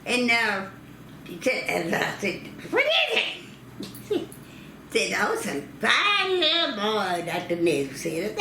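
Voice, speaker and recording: A woman's voice: medium pitch, sing-song, drawn-out words, creaky, pushed and bright, reverberant, slight background noise. An older woman from North Carolina, recalling childbirth stories, acting out quoted voices and laughing often. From North Carolina, United States. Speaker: interviewee telling family history.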